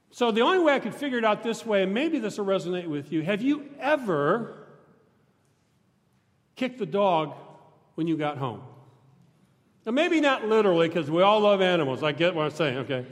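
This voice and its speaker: A male pastor preaching a sermon in a large church, talking conversationally and joking with the congregation, sometimes breaking into shouts. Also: sits high. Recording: long church reverb.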